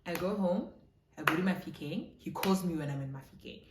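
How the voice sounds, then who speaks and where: A young South African woman telling a casual storytime, animated and switching between English and isiZulu. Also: fairly low pitch, fairly quick, background noise. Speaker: vlogger. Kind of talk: storytime chat. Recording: roomy echo.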